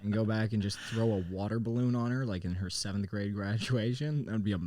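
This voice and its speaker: A man's voice: lowish voice, a little fast, dry recording, studio quality. A young man, a comedian guest, telling stories in casual chat, swearing often and acting out other people's voices. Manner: animated storyteller, swears a lot, acts out voices.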